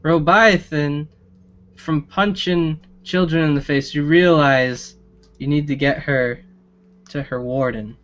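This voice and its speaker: A man's voice: on the high side, fairly even intonation, takes it slowly, a bit bright, lo-fi sound. A man running a tabletop game as game master, narrating in a loose, joking way.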